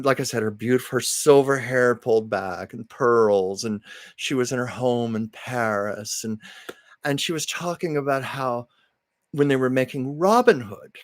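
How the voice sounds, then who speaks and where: A man hosting a casual live stream, telling rambling anecdotes with frequent ums and pauses. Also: medium pitch, no room sound, clean studio sound.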